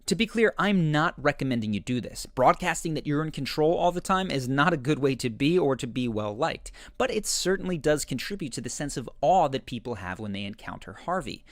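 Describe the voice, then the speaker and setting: A man narrating a scripted video essay that explains confident behavior, in a measured, explanatory way. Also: fairly high pitch, expressive, dry recording, clean studio sound. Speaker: commentator analyzing a TV character.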